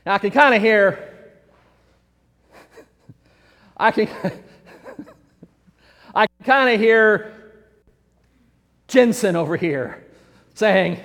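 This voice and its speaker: High-voiced playful male preacher. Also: extremely slow, long pauses, fairly bright tone. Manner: playful, acts out the characters. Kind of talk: sermon with humorous asides. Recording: echoey hall.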